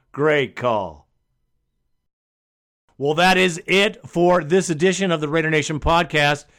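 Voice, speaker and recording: A man's voice: fairly high pitch, a bit bright, clean tone. A man hosting a sports podcast, talking in a fired-up, enthusiastic way. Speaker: podcast host. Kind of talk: casual podcast sign-off.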